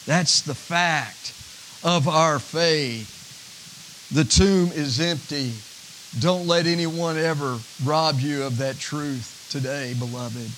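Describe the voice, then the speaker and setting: A male pastor preaching a sermon, with a preacher's rhythm that rises to shouts and drops to near-whispers. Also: a little high, slow, a little hiss or hum, poor audio.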